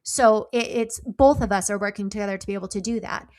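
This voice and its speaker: A middle-aged woman talks as an interview guest, patiently explaining ideas in an earnest, chatty way. Her voice sits at a middle pitch, and she often reaches for "like" as she builds her point. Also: fast, a little mellow. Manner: explanatory, earnest, uses many likes. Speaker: psychic guest. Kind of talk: interview conversation.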